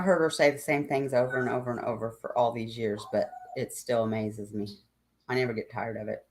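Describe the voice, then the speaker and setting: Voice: mid-range voice, steady tone, a little fast, a little hiss or hum. A channel host in casual livestream chat, talking in a rambling, chatty way with many fillers and asides.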